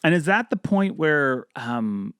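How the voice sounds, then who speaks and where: A man's voice: on the high side, sing-song, slow pace, a bit bright, smooth, dry recording, studio quality. A man co-hosting a casual movie podcast, joking around and mimicking his kids and movie characters. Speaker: podcast co-host. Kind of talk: casual movie-review chat.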